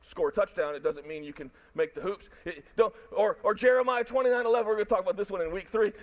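A man pastor preaching a sermon, animated and jokey, addressing the crowd and online viewers. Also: high voice, fast.

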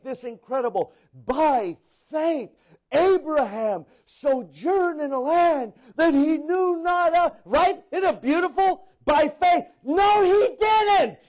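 A male pastor delivering a sermon, swinging between loud exclaiming and hushed asides as he acts out quoted voices. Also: very high voice.

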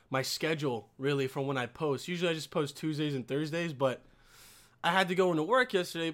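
A man's voice: high-pitched, fairly bright tone. A man hosting his own podcast, rambling through a casual, profanity-heavy solo rant with lots of emphasis. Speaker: podcast host.

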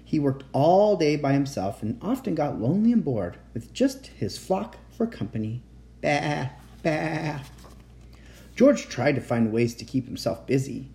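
A man reading a bedtime story aloud in a gentle, expressive way as the host of his own story show. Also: mid-range voice, moderate pace, hardly any pauses.

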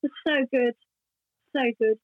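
A woman's voice: sits high, measured pace, dry recording. An older woman, a former actress, telling long anecdotes in a chatty, rambling way during an interview. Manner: warm, chatty anecdotal storytelling with many restarts. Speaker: actress guest. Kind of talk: casual interview chat. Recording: dry tinny phone-like line.

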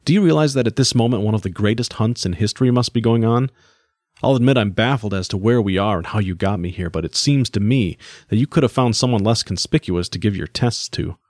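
A man voicing a male engineer held captive, speaking quietly and defiantly. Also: lowish voice, fairly quick, dry recording, clean studio sound, close to an everyday voice.

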